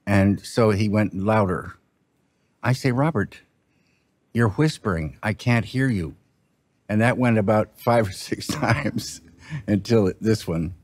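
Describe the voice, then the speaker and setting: A man speaks in a slow, halting, musing way, a film director recalling his work in an interview. His voice sits low and the recording is close and dry. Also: a little mellow, dry recording. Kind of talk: reflective interview talk.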